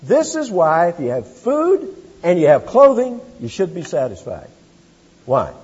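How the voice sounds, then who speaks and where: A man preaching an expository sermon as pastor, emphatic, slowing down to stress key words and building to loud repeated phrases. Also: fairly high pitch, wildly swooping pitch, husky. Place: church sanctuary. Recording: lo-fi church hall recording with long reverb.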